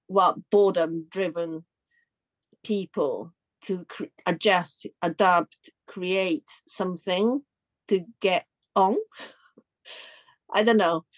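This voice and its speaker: A woman's voice: takes it slowly, long pauses, no echo. A woman artist in a casual interview, searching for her words with many restarts and voice jumps when she tells stories. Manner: lively pitch jumps when telling stories. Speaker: artist guest.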